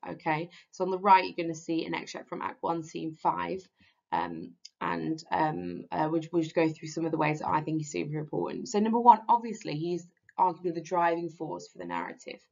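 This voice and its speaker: A woman's voice: deep voice, sing-song, brisk, gravelly, darkish tone. A woman teaching a literature lesson in a casual, hesitant way, with many ums and restarts. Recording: slightly dull lo-fi audio.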